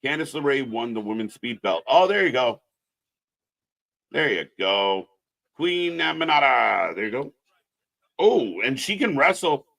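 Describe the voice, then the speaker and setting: A young man co-hosting a live wrestling stream, blunt and opinionated. He curses freely and rants about what he wants to see, and his voice sits at a middling pitch. His talk is loose, unscripted chat with friends. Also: big pitch swings, unhurried, vocal fry, pauses often, a bit bright. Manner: blunt, profane, opinionated ranting. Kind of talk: casual live commentary chat.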